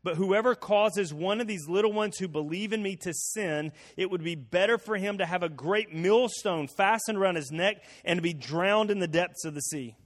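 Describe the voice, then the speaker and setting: A man preaching a sermon as pastor, his delivery swelling into sudden loud emphatic bursts. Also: sits high, moderate pace, few pauses, long reverb tail.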